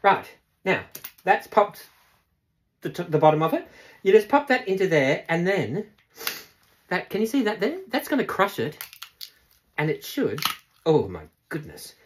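A woman's voice: on the low side, very animated, a little slow, long pauses, slight background noise. A woman, chatty and laughing often as she demonstrates cooking to viewers, now and then breaking into sing-song.

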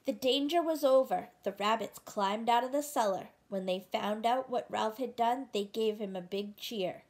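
A woman reading a picture book aloud, gently pausing to ask the listener questions about the story. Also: medium pitch. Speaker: storybook reader.

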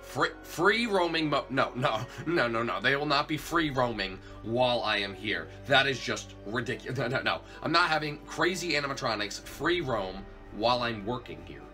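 A man's voice: mid-range voice, lively intonation, normal speed, few pauses, sharp tone, faint music behind. A man voicing a jittery failed cop turned night guard in a hobby plush video, stammering and repeating himself in panic. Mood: alarmed.

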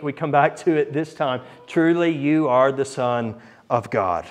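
Earnest preacher man, slightly high voice. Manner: earnest, rising loud for emphasis and dropping low for quiet points; reads scripture aloud dramatically. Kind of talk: sermon.

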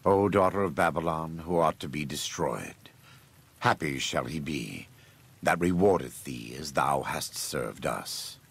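An actor playing a stern, scripture-quoting warrior preacher in a video game, speaking slowly and solemnly with a gravelly, husky voice. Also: male voice, extremely low pitch, exaggerated voice. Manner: slow, measured, solemn delivery.

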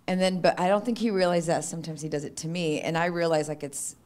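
A woman's voice: on the low side, fairly even intonation, brisk, hardly any pauses, a little mellow. A woman in a church gathering asking the pastor a question, hesitant and full of restarts.

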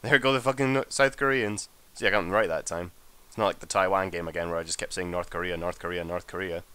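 A young man giving casual, profane, joking commentary as he plays a strategy game, excitable and jumping into high-pitched outbursts. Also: fast talker, smooth, no echo. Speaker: gamer and channel host.

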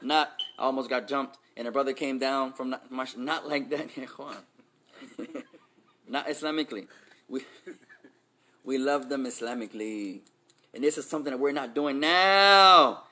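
Bright-voiced teacher, playful. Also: male voice, on the high side. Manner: switches between Arabic and English, quizzes students; playful, street slang mixed in. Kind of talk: Islamic class lesson.

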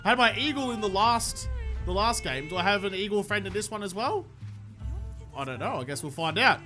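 An Australian man commentating his gameplay, excitable, joking and swearing a lot. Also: sits high, brisk, soft background music. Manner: excitable, profane, jokey. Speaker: gaming YouTuber. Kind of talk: let's play commentary.

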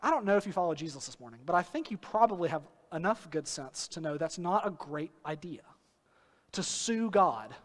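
High-voiced preacher, echoing hall. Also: male voice, very animated. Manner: earnest preaching with sudden slow emphatic phrases and acted quotes. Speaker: pastor. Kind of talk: sermon. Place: church sanctuary. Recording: long hall reverb.

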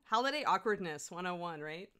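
A woman's voice: expressive, fairly quick, bright, forceful tone, smooth. Chatty, giggly woman streamer host. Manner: chatty, giggly, talks to her dog in high baby voice. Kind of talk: casual livestream chat.

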